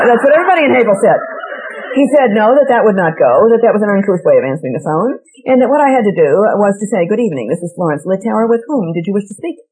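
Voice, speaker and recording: A woman's voice: fairly high pitch, a little hiss or hum, poor audio. A woman from Massachusetts with a Boston accent, telling a wry, self-mocking personal story to a live audience and asking them direct questions. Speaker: speaker addressing an audience.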